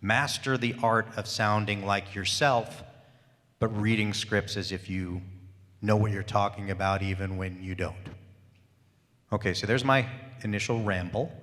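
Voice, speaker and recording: A man's voice: lowish voice, fairly bright tone. A male voice actor speaking on a convention panel, talking emphatically and throwing rhetorical questions at the audience. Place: large convention hall. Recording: long hall reverb.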